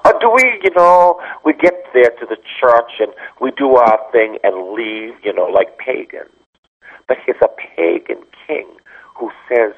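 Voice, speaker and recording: A priest teaches from the Bible on the radio, his mid-range male voice moving a little slowly. Lively in his storytelling, he acts out quoted dialogue, and the audio has a dull lo-fi radio quality.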